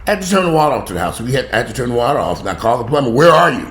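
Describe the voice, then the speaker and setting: Man, heated profane home rant, very animated pitch, echoey room with faint background hum. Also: racing. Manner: heated, swearing, pitch jumping up when outraged. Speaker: vlogger.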